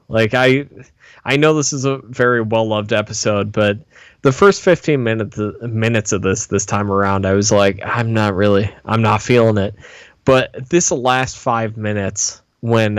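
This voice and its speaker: A man's voice: on the low side, clear, resonant tone, no echo. A man co-hosting a podcast, chatting casually and with enthusiasm about a TV episode. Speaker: podcast co-host. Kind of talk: casual chat.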